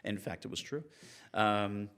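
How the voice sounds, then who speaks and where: A man, a TV reporter and interview guest, telling anecdotes in a relaxed, animated way and acting out the people he quotes. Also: measured pace, clear, resonant tone. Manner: animated, acts out quoted people with raised pitch. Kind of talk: conversational storytelling in an interview.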